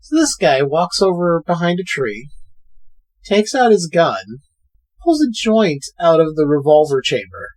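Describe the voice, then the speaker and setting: Casting note: male podcast host, fairly high voice, loose and chatty, swears freely while recapping. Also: unhurried. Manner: animated retelling, swears freely. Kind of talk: casual movie recap chat.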